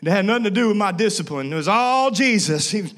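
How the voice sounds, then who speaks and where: A man's voice: sits high, fast. A man preaching a sermon as a pastor, telling family stories with playful asides and acting out voices. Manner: animated storytelling with playful asides and acted-out voices.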